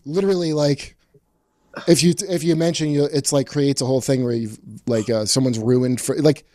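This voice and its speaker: A man's voice: mid-range voice, steady tone, normal speed, dark tone, no room sound, clean studio sound. A man hosting a comedy podcast, riffing in casual chat with a sardonic, profane edge. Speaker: podcast host.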